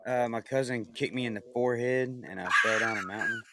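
A man's voice: medium pitch, quick pace, heavy background noise. A man co-hosting a podcast, talking in brash, slangy casual chat and arguing contrarian points.

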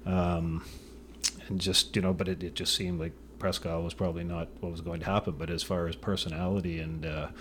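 Middle-aged male sports-show regular with a very low voice, easygoing and rambling, lots of ums. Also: level tone, fairly quick, fairly bright tone, slight background noise. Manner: rambling, anecdotal, many fillers and restarts. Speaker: sports show co-host and father of a university athlete. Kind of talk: casual sports talk chat. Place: radio studio.

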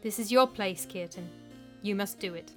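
A woman's voice: on the high side, normal speed, bright, forceful tone, faint music behind. A woman voicing a plain-spoken male companion who talks on too long but is kind at heart. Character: blunt, kindly older male companion.

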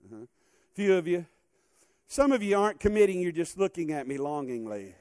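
A man's voice: high-pitched, fairly quick, no echo, clean studio sound. A man preaching a sermon as guest speaker in a church, calling on the congregation to respond. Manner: animated, calls on the congregation to respond. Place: church hall.

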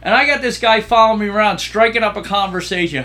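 A man's voice: high voice, moderate pace. A man co-hosting a podcast in casual chat, telling stories animatedly and acting out the people he quotes. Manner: animated storyteller, acts out quoted exchanges. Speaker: podcast co-host.

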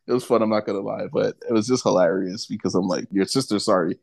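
A man's voice: on the low side, steady tone, fast, gravelly, darkish tone. A man co-hosting a casual podcast, telling stories with lots of laughter and swearing. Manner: laughing, profane storytelling. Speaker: podcast co-host.

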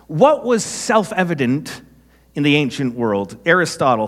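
Conversational pastor preaching in a reverberant hall. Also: male voice, a little high. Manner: conversational, self-deprecating storytelling with asides. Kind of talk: sermon.

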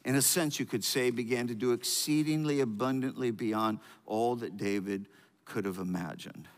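A man preaching a sermon. He calls out to the congregation for answers and swings between loud emphasis and quiet, low passages, often restarting his words. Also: moderate pace. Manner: frequent restarts and repeated words. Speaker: pastor. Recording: long reverb of a large hall.

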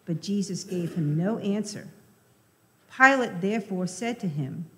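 A woman lector reads scripture at a slow, deliberate pace. Her mid-pitched voice carries a long reverb from a church hall. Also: lively intonation. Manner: measured, deliberate reading. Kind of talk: scripture reading.

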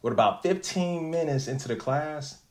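A man's voice: on the high side, moderate pace. A man telling a story in a casual chat, laid-back and slangy, with plenty of cursing.

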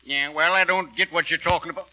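An actor playing a boisterous, tipsy American rancher in 1940s radio drama, folksy and whooping with laughter. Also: male voice, on the high side, fairly even intonation, fast, natural voice. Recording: muffled old radio broadcast.

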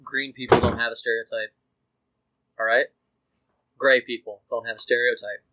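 A man's voice: medium pitch, level tone, normal speed, heavy background noise. A man running a tabletop role-playing game, explaining rules and teasing the players. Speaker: game master. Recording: dull lo-fi audio.

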